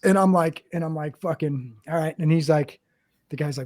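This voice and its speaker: A man hosting a podcast, telling a war story in a lively, profane way and acting out the people he quotes. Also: on the high side, moderate pace, no echo. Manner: animated, profane, acts out quotes. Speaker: podcast host, Marine veteran. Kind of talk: casual storytelling.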